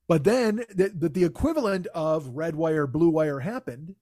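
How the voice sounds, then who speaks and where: A man's voice: a little high, moderate pace, dark tone, no room sound, clean studio sound. A man hosting a podcast, ranting in a casual, comic, profane and exasperated way. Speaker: podcast host. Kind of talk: casual comedic rant.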